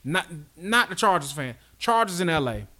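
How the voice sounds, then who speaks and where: A man's voice: high voice, big pitch swings, normal speed, sharp tone. Blunt man ranting on a sports podcast. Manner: blunt, scolding rants. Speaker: podcast co-host. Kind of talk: casual sports chat.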